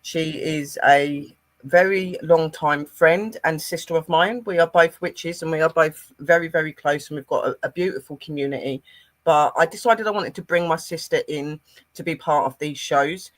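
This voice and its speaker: A host opening an online talk show, slowly introducing a co-host and guests. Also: female voice, low-pitched.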